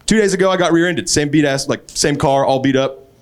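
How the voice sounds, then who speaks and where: A man doing a stand-up set on a club stage, springing into loud acted quotes. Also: brisk. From Texas. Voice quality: animated, jumps high into acted quotes. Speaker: stand-up comedian. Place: comedy club stage, laughing crowd. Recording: live club with loud crowd laughter.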